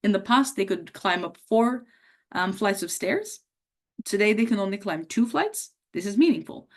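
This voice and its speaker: A woman lecturing medical students, her voice a little hoarse from a cough. She talks in a relaxed, conversational way and slips into the questions she would put to a patient. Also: medium pitch, moderate pace. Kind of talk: teaching a workshop on history taking.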